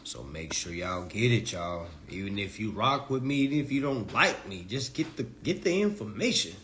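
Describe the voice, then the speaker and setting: Animated man lecturing, hushed to shouting. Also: on the low side, moderate pace, slight background noise. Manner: preachy, excitable, swings from hushed asides to loud shouts. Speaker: host of a consumer law talk stream. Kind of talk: animated live-stream lecture.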